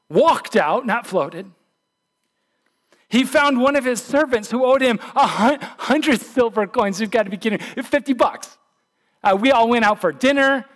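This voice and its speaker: A pastor with a notably high voice preaches a sermon with conversational emphasis, often stumbling and restarting as he drives a point home. He moves between quick asides and slow, weighty lines.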